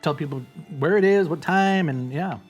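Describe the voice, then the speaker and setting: A man's voice: on the high side, soft background music. A man hosting a casual talk show, chatting loosely with guests and breaking for segments. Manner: loose, halting, with restarts and laughs.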